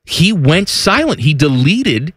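A man's voice: fairly high pitch, big pitch swings, takes it slowly, a bit bright, husky, dry recording. Playful man in radio banter. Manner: playful, jokey, slips into silly impressions. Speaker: radio co-host; father.

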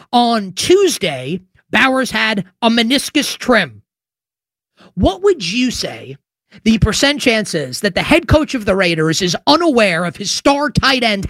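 Animated sarcastic sports radio host man. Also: high voice, no room sound, clean studio sound. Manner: animated, sarcastic, emphatic ranting with rhetorical questions. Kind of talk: opinionated sports talk radio monologue.

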